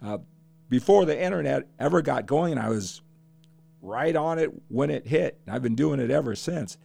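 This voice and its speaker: A man's voice: mid-range voice, lively intonation, moderate pace, creaky, mellow. An older man hosting a fitness podcast, talking passionately and emphatically and stacking up repeated phrases. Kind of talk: podcast monologue.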